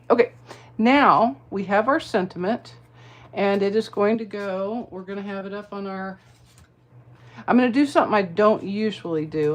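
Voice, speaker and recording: A woman giving a casual card-making tutorial, chatty and folksy, talking to viewers as she works. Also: medium pitch. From American South. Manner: chatty, folksy, talks to viewers while working.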